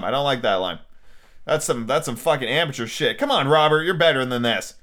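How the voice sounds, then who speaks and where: A man's voice: fairly high pitch, expressive, a little fast, a bit bright. A young man hosting a podcast, reading a classic novel aloud and breaking off into blunt, profane, opinionated asides. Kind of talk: casual audiobook reading with rants.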